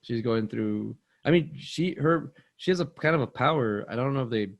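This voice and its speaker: Man, gravelly voice, dry close mic, rambling casual movie chat, podcast co-host. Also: mid-range voice, animated, normal speed, no room sound. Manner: rambling, restarts, laughs, acts out quotes.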